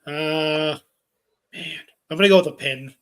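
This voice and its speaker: A man co-hosting a casual wrestling podcast, playful and quick to laugh. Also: a little high, clear, resonant tone. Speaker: podcast co-host.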